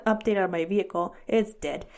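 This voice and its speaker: A woman co-hosting a podcast, telling stories in a casual, animated way with lots of giggles and quoted voices. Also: medium pitch, a little fast. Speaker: podcast co-host. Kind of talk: casual chat.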